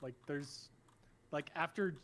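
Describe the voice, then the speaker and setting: A man playing his character in a tabletop game, speaking earnestly and measured. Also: fairly high pitch, fairly bright tone. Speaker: player. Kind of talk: tabletop role-play, in-character speech.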